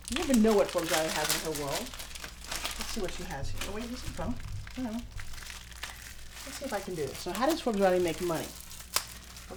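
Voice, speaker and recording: Woman in her fifties, excitable TV host, studio tour, showy, chatty to camera. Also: lowish voice, very noisy. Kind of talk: casual walking tour talk. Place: her own studio and offices, indoors.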